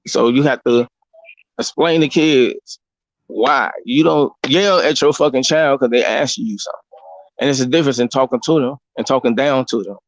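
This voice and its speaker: A man's voice: mid-range voice, moderate pace, no room sound, low-quality recording. A man, hosting a casual talk show and lecturing bluntly, with plenty of profanity and rising emphasis. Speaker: podcast host.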